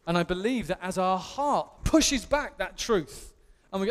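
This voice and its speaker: English pastor, 30s, high voice, animated sermon, self-mocking, reverb from a big hall. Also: male voice, measured pace, few pauses. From England.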